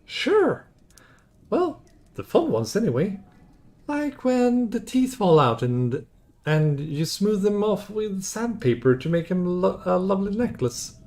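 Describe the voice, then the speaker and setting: A squeaky young woman, chipper and a bit odd, full of bouncy swings in pitch, as a male streamer puts her on. She talks in quick, whimsical bursts, with a game voice that reads as light and girlish. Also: big pitch swings, dark tone. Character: chipper young woman, new security hire.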